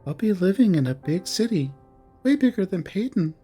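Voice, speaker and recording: A man voicing a confident young woman about to leave home for college, speaking softly and a little wistfully in a visual novel read-aloud. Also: high-pitched, very animated, normal speed, breathy edge, faint music behind, voice pushed up, heavily acted.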